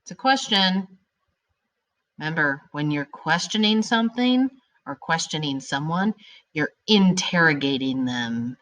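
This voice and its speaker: A woman teaching a grammar lesson to children. She talks in an upbeat, animated way and stretches out her example sentences for effect. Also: sits low, a little slow.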